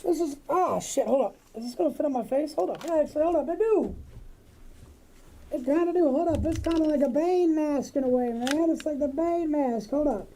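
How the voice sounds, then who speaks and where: A woman's voice: high voice, fairly quick, warm tone, a little hiss or hum. A woman hosting a livestream, chatting in a rambling, joking, profane way. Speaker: livestream host. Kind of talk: casual rambling chat.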